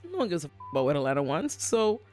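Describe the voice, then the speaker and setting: Animated, profane woman recapping a TV show. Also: very fast, faint music behind. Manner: animated and profane, with sudden jumps in pitch. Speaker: TV recap host. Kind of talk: casual TV recap commentary.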